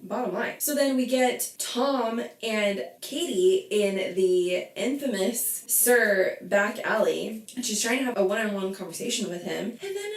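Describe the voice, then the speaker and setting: A woman's voice: mid-range voice, unhurried, few pauses, reverberant, distant mic. A woman hosting a reality TV reaction video, a bit tipsy, ranting bluntly and swearing as she recaps. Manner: blunt, profane, heated. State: a little tipsy. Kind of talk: casual reality TV recap rant.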